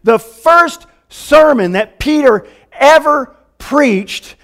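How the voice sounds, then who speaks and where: Man, 50s, pastor, very high-pitched voice, earnest casual sermon, folksy asides. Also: lively intonation, drawn-out words, a bit bright.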